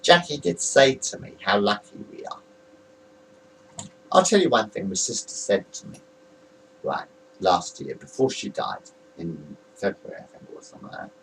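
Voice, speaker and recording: A man in his forties talks to a home camera, telling family stories in a loose, candid ramble and laughing between them. His voice is gravelly and swings up and down with feeling. He sits a little back from the mic, with a faint hum behind him. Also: fairly low pitch, wildly swooping pitch, normal speed, pauses often, fairly bright tone, distant mic, low-quality recording. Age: 40s. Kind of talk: rambling personal recollection to camera.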